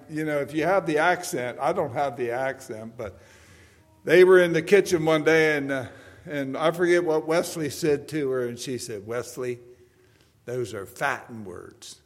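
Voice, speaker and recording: A man's voice: fairly high pitch, a little slow. Older male preacher in echoing hall. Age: 70s. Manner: impassioned, swinging from soft storytelling to loud emphatic preaching. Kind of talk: sermon. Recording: long hall reverb.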